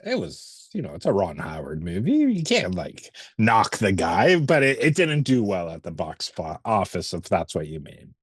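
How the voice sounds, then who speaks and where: Low-voiced man with a dry, close sound. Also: huge pitch swings, normal speed, few pauses, husky, no room sound. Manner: laughs while retelling scenes, casual swearing. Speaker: podcast co-host. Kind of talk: casual movie review chat.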